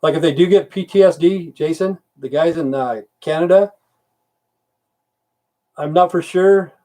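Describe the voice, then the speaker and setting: Unhurried and warm in tone, with a voice on the high side, a middle-aged veteran hosts a casual livestream. He reads viewer comments aloud and answers them with rambling, profane grumbling.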